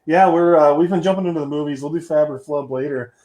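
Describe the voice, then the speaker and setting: A man hosting a podcast in casual chat, upbeat and quick to laugh. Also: on the high side, a loud crowd. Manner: laughs often, lively and upbeat. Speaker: podcast host. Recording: roomy echo.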